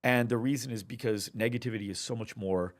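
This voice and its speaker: A middle-aged man, a guest author on a podcast, telling anecdotes with frequent restarts and rising excitement. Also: on the low side, fast. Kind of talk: podcast interview storytelling.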